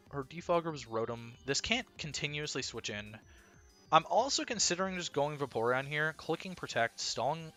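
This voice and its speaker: A man's voice: mid-range voice, sharp tone. A man commentating his own competitive battle live, thinking aloud analytically with bursts of disbelief.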